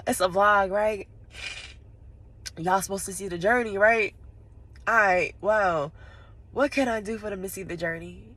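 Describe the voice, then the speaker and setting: A woman's voice: medium pitch, pushed and bright, dry recording. A woman vlogging from inside her parked car, tearful and sniffling, rambling straight to her viewers and laughing through her tears. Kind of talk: casual vlog monologue.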